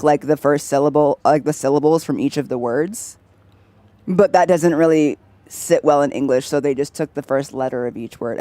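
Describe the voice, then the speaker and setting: A woman's voice: low voice, darkish tone, dry recording. A young woman streaming a game, chatting casually and laughing often as she explains things. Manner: chatty, laughs often, mimics voices in anecdotes. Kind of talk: casual gameplay chat.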